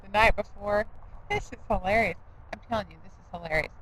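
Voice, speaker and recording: A woman's voice: mid-range voice, quick pace, a bit bright, slight background noise, rough recording. A middle-aged woman rambling in a casual vlog, self-deprecating with laughing asides. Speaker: diet vlogger.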